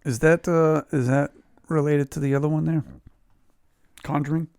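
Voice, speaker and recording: Gravelly, laid-back male podcast co-host. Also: fairly high pitch, level tone, moderate pace, a little mellow, dry recording, clean studio sound. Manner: laid-back, swears casually, laughs often. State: slightly hoarse, losing his voice. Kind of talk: casual chat.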